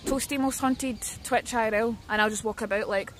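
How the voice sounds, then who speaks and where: A young woman livestreaming and chatting casually, excitable and sweary, breaking into shrieks. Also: a little high, a little fast, faint music behind.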